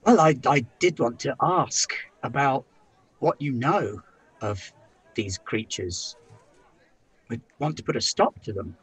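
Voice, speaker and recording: A man with a British accent playing a tabletop game, speaking in a mock-formal, lively way. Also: mid-range voice, slow pace, long pauses, slightly rough. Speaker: player.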